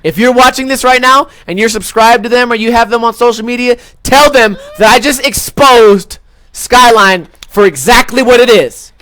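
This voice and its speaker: Very high-pitched and sharp, this young podcast host from Las Vegas speaks at a moderate pace on a dry recording. His casual, comic food rant is exaggerated, full of profanity and packed with fillers.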